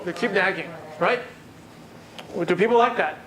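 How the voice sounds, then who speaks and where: A man's voice: high voice, expressive, measured pace, fairly bright tone. A man giving a live sales workshop, asking the audience questions and repeating their answers back. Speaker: sales trainer. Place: meeting room with a live audience.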